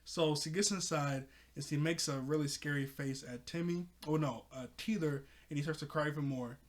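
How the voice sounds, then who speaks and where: Male reviewer, slightly higher voice, loose excitable episode recap with frequent laughs. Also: normal speed. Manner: excitable, laughs often, talks to the viewer. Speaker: cartoon reviewer.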